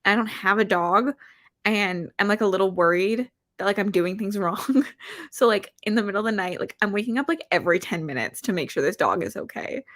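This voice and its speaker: A woman hosts a relaxed book-reading livestream, chatting in a rambling, self-deprecating way. Her voice sits in a middle pitch, and the sound is dry and close. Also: a little fast, dry recording. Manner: chatty, rambling with frequent "like" fillers. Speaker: booktuber hosting reading sprints. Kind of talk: casual livestream chat, reading out viewer comments.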